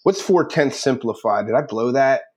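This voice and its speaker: A man's voice: mid-range voice, lively intonation, moderate pace, husky. A man co-hosting a sports podcast, ranting brashly in casual banter and poking fun at himself. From Philadelphia area, United States. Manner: brash, ranting, self-mocking. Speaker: podcast co-host.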